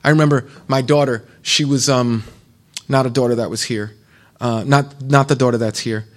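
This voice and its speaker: A middle-aged man preaching at a retreat in an easygoing, conversational style. His voice sits at an ordinary mid pitch, and he moves between scripture and personal stories with a light touch of humor. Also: fairly even intonation, moderate pace. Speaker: pastor. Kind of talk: sermon.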